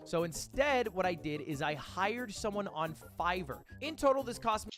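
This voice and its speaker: A man's voice: high voice, animated, moderate pace, fairly bright tone, faint music behind. A man narrating his own vlog, upbeat and confident with a self-deprecating edge. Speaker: YouTuber.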